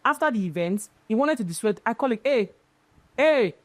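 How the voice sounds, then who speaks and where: A woman's voice: on the high side, animated, fast talker, dry recording. Woman, event-planner guest, emphatic storyteller, dry close sound. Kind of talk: casual interview chat.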